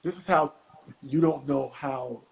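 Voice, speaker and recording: A middle-aged man, a comedian guest on a podcast, telling a story in an animated, profane way and acting out other people's voices. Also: mid-range voice, a little slow, creaky, a little hiss or hum, low-quality recording.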